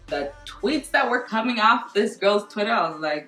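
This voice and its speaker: A young woman telling a profane, animated storytime vlog and acting out quoted dialogue. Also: sits low, moderate pace, hardly any pauses. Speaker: vlogger. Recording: echoey room from far off with faint music.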